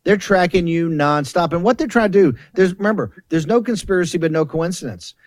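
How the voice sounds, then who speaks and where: A man's voice: sits high, lively intonation, brisk, dry recording. A man hosting a political talk show, delivering combative commentary in a fiery, taunting, emphatic way with repeated rallying phrases into a studio microphone.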